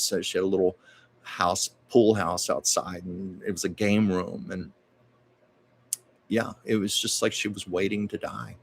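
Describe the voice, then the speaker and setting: A man's voice: fairly low pitch, a little hiss or hum. A man hosting a livestream, telling anecdotes in a conversational way with little asides. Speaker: host. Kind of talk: storytelling livestream chat.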